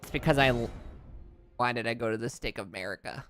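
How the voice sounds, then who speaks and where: A man's voice: medium pitch, a little fast, fairly bright tone, slight background noise. A young man streaming a game, bantering with his chat in a joking, exasperated way. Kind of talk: casual live-stream commentary.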